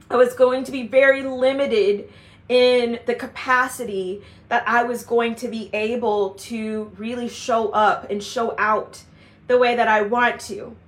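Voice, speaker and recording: Slow, high-voiced earnest woman. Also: a bit bright. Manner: earnest, heartfelt, repeats phrases for emphasis. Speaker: leader of a women's community. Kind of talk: personal faith vlog monologue.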